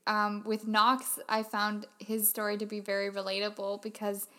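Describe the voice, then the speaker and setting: A woman's voice: mid-range voice, monotone, normal speed, pushed and bright. A woman co-hosting a casual conversation, chatty and explaining things at length. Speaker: co-host discussing a film.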